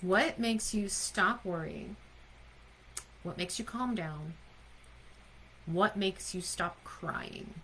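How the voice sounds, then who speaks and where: Bright-voiced woman coaching a live online audience. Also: fairly low pitch, takes it slowly, long pauses, slight background noise, low-quality recording. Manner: emphatic, asks the audience questions, often adds "right?". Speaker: leadership coach.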